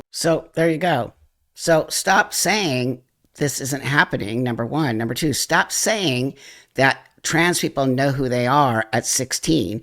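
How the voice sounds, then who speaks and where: A man speaks straight to his audience with fervent, repetitive emphasis, pressing each point home. His voice sits at an ordinary middle pitch and often sinks softer and quieter as the emotion takes over. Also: measured pace. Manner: emphatic, repeats points, addresses viewers directly. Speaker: channel host. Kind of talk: impassioned commentary to camera.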